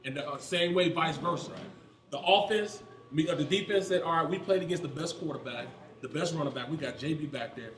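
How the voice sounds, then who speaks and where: A man who is a former pro football player, telling stories in a casual sports chat and shouting out the lines of the people he quotes. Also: a little high, brisk. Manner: animated storyteller, yells quoted lines. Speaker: former NFL player, panelist. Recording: echoey room with crowd noise.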